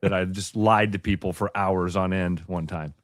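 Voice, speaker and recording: A man's voice: low-pitched, fairly even intonation, moderate pace, dry recording. Chatty male radio co-host, dry studio sound. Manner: chatty, rambling, self-deprecating storyteller. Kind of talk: casual morning radio chat.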